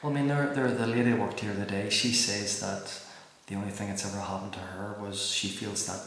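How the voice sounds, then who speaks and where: An Irish man investigating a reported haunting, calling out to spirits and then talking in hushed, excited tones. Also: fairly low pitch, brisk. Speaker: paranormal investigator. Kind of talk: ghost-hunt investigation. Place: old building at night. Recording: echoey room, mic from far off, faint noise.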